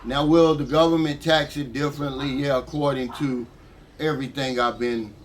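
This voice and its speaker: A man's voice: mid-range voice, steady tone, normal speed, a little hiss or hum. An older man from the United States, talking casually and heatedly to camera as a vlogger. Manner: frustrated, heated, conversational.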